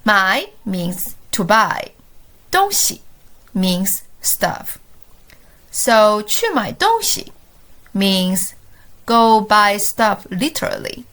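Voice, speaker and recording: A woman's voice: medium pitch, fairly bright tone. A woman teaching a scripted beginner language lesson, patiently drilling each phrase with repeats.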